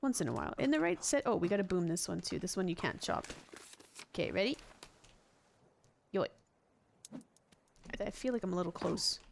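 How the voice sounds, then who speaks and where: Lively chatty woman streamer. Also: on the low side, fairly quick, creaky, long pauses, a little hiss or hum. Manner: chatty, giggly, reacts loudly to the game. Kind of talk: live gameplay commentary.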